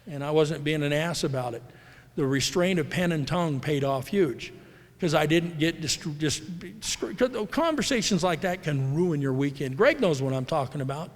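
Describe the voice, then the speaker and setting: A man's voice: fairly high pitch, normal speed. A middle-aged man from the United States giving a candid, rambling personal talk at a recovery convention, acting out the voices of people he quotes. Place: large hall. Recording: live hall recording with long reverb.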